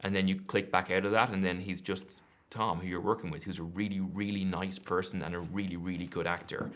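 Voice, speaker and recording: A man in his thirties with an Irish accent, chatting casually as an actor being interviewed, self-deprecating and quick to laugh. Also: low voice, flat delivery, fairly bright tone. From Ireland.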